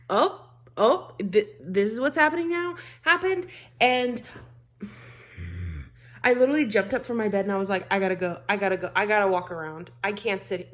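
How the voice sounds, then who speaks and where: A young woman gushes about her books in a casual home vlog. She talks in loose bursts, swears freely and trips over her own sentences. Her voice sits at a middling pitch for a woman. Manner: gushing, profane, rambling with restarts. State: feeling unwell. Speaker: book vlogger. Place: bedroom at home.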